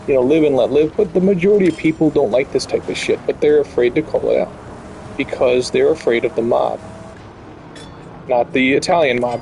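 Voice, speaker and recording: A male gaming host rants over gameplay in a blunt, heated, profane way. His voice has a gravelly, fry-laden edge. Faint noise sits underneath. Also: mid-range voice, darkish tone, poor audio. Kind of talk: ranting gameplay commentary.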